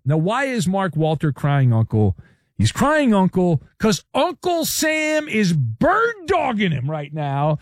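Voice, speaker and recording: A middle-aged man delivering sports commentary with a theatrical, joking manner, his voice swooping up and down with lively inflection. He sits in a fairly high register for a man, recorded close and dry with no room sound. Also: no room sound. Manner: theatrical, jokey, full of wordplay and sound effects.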